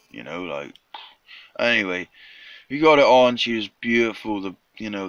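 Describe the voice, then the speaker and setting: A man's voice: fairly low pitch, very animated, moderate pace, long pauses, a bit bright, no echo, lo-fi sound. A man telling a rambling made-up fish story in casual surfer slang, with little voices for the characters. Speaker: vlogger telling a tall tale.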